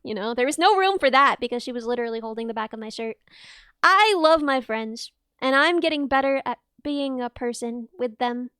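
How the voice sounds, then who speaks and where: A woman's voice: a little high, fairly quick, fairly bright tone, smooth, no echo, clean studio sound. A young woman in her twenties, a VTuber chatting casually with viewers and answering their messages, rambling and self-deprecating with frequent giggles and restarts. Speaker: VTuber streamer.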